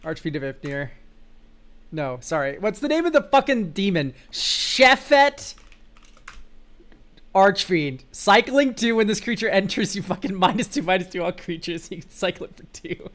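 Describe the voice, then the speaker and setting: A man's voice: high voice, expressive, moderate pace. A young man streaming live, chatting loosely and jokingly as he reviews card game decks, swearing now and then and tossing out goofy exclamations. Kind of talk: casual live-stream chat.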